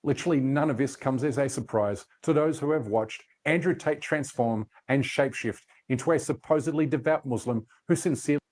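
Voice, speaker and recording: A man reading scripted commentary narration in a steady, pointed way. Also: mid-range voice, brisk, hardly any pauses. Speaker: video narrator.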